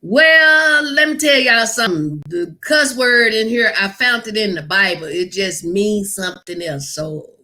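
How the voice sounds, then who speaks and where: A woman comedian from Arkansas with a bright, forward voice. She chats casually on a podcast as a guest and tells her jokes and stories with lots of laughter. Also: medium pitch, measured pace, hardly any pauses, poor audio. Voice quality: lively storyteller, laughs often.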